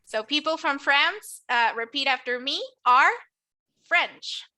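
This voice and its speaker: A woman with a high, bright voice leads a classroom pronunciation drill. She is a native Spanish speaker teaching English, and she speaks slowly and patiently, enunciating each word and encouraging her students.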